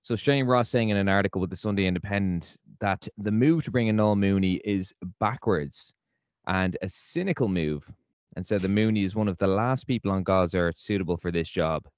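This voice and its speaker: Deep-voiced man on a dry, lo-fi line. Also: normal speed, dry recording. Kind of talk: casual football chat.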